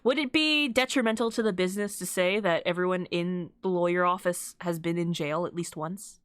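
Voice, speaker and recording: A woman's voice: lowish voice, a little fast, clean tone, dry recording, studio quality. A woman streaming a game, making chatty, giggly asides between reading lines. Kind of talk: casual gameplay commentary.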